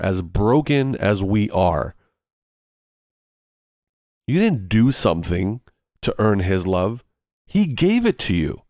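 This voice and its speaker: A man's voice: fairly low pitch, a little mellow, no room sound, studio quality. A man preaching a sermon in an earnest, pleading way, repeating phrases for emphasis.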